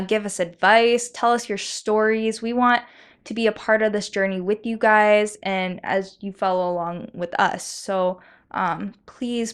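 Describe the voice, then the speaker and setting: A woman's voice: medium pitch, clear, resonant tone. A woman co-hosting a podcast in casual chat. She speaks earnestly and giggles often. She hesitates with plenty of ums and uhs. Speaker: podcast co-host.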